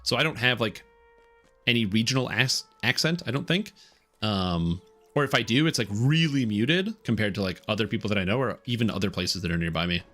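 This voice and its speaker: Clearly enunciating Canadian streamer man. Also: on the low side, lively intonation, a bit bright, soft background music. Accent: general North American. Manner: chatty, deliberately clear enunciation. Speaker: game streamer. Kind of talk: casual live-stream chat.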